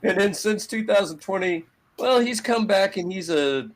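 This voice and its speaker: A man co-hosting a sports podcast, ranting in a profane, sarcastic way with loud jumps in pitch. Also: animated, normal speed. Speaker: podcast co-host. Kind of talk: heated sports talk.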